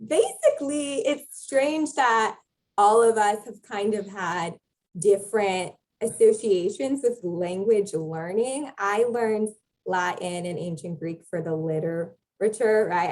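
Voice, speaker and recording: Speaking as a guest on a podcast in a casual interview, a young adult woman who teaches Latin explains things thoroughly and thoughtfully, using many filler words. Her fairly low, slightly mellow voice comes through on poor audio.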